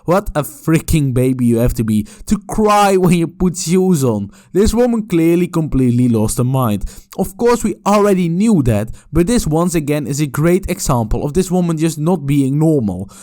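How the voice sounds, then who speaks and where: A man gives mocking reaction commentary in a sarcastic, profane tone. His voice swings widely in pitch and sits a little high. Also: sing-song, moderate pace, warm tone.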